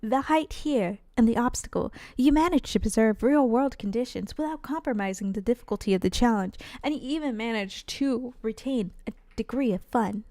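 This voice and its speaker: A woman's voice: a little high, normal speed, warm tone, dry recording, studio quality, natural voice. A woman reading out the lines of a polite young male soldier from a game in her own plain voice, with no acting. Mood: earnest. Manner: plain unacted reading aloud.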